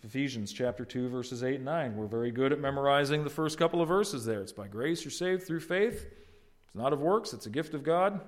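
A man preaching a sermon, swinging between loud, emphatic peaks and quiet asides, and asking the congregation questions. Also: medium pitch, brisk. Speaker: pastor.

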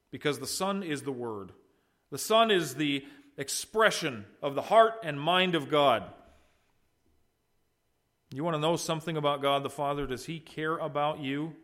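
A middle-aged man preaching a sermon in an earnest style, swinging between loud and soft. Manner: earnest preaching with wide swings in loudness and pitch. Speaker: pastor.

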